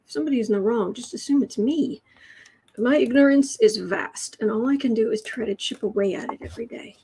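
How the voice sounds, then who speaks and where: A Chicago-born tarot and astrology livestream host talks briskly in a fairly high voice with a dark tone, with slight hiss or hum in the audio. In her home room with adjustable lighting, she reads tarot live and answers chat with wry chattiness, often breaking off and restarting.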